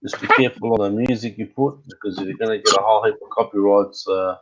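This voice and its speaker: A man's voice: fairly low pitch, steady tone, fast, highs cut off, noisy background. A middle-aged man chatting casually as a guest on a live stream, rambling and hesitant with many fillers. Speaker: guest RC hobbyist.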